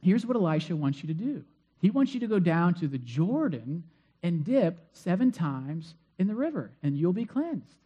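A man's voice: sits high, sing-song, normal speed, mellow, husky, lo-fi sound, exaggerated voice. A man voicing a young messenger boy who delivers news in an offhand, chatty way.

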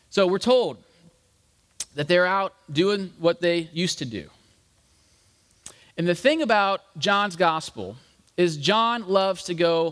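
A man with a fairly high voice preaching a relaxed, jokey sermon. He talks to the congregation like old friends and acts out the quoted voices. A long reverb trails his words around the hall. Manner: casual, jokey, addresses the congregation as guys. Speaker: pastor. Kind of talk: conversational sermon.

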